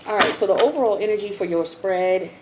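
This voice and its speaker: A woman's voice: mid-range voice, fast, noisy background. A woman giving a casual tarot reading in a chatty, slang-filled way. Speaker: tarot reader.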